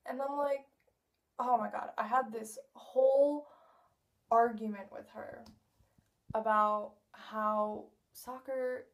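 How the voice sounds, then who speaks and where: A woman's voice: fairly high pitch, far from the mic. A teenage girl giving a casual video message to a friend, chatty and rambling, often laughing as she talks. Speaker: vlogger addressing a friend.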